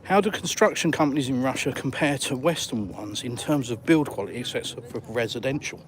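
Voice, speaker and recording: A man's voice: medium pitch, fairly quick. Live streamer, male, southern English accent, mid-range voice, casual and dry-humored, faint outdoor noise. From England. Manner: chatty, blunt, dry humor. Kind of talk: casual live stream chat answering viewers. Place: outdoors by the coast.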